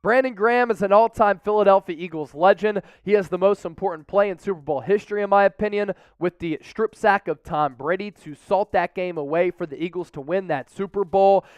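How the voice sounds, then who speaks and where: Man, sports host, high voice, dry close sound, hyped commentary. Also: fairly quick, few pauses, no echo. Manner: energetic, salesy hype. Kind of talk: live sports news commentary.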